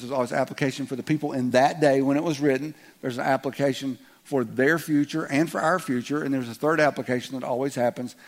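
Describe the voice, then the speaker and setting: A man with a Southern US accent, a pastor leading prayer and preaching a sermon to a church congregation in a folksy, joking way. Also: mid-range voice. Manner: folksy and joking, speeds up when reading scripture. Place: church sanctuary.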